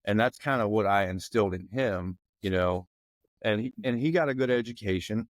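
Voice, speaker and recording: A man in his forties, from the McKeesport area in Pennsylvania, chatting as a podcast guest. His voice sits a little low and sounds dry and close, with no room around it. He rambles loosely and leans on "you know what I mean.". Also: normal speed, dry recording. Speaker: podcast guest, former football player. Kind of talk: casual podcast conversation.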